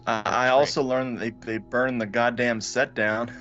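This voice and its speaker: A man's voice: mid-range voice, fairly even intonation, normal speed, a bit bright, muffled recording, faint music behind. A man co-hosting a casual movie review chat who shares trivia with enthusiasm and stumbles on his words. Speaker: podcast co-host reviewing a movie.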